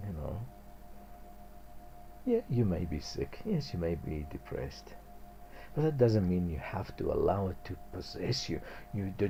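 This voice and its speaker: Slow talking guy musing on a spiritual radio show, chuckles a lot, lively swoopy voice. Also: sits low, dull audio. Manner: reflective, chuckles often. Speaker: radio talk host.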